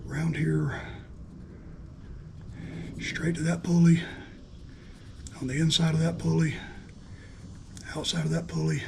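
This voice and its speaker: Male repair host, folksy workshop patter, gravelly and a little breathless, noisy shop background. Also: a little high, little pitch movement, measured pace, long pauses. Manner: folksy, talks to himself while working. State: slightly out of breath. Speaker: mower repair channel host. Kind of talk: hands-on repair demonstration.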